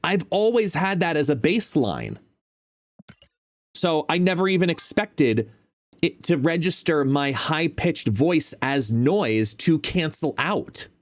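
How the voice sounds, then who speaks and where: A man live-streaming a card game from home, chatting casually and excitably, at times talking to his dog. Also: a little high, takes it slowly. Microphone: desk microphone with noise canceling.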